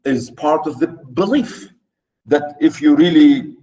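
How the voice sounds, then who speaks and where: A man lectures on literature, taking his time and hammering points home through repetition. His voice is on the higher side for a man. He talks at an unhurried, deliberate pace. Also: mellow, poor audio. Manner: slow, repetitive, emphatic explaining. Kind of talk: recorded lecture.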